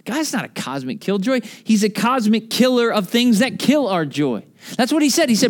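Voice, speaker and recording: A pastor in his thirties with a high voice preaches a sermon at a moderate pace. He is conversational and animated, telling stories between passages of scripture.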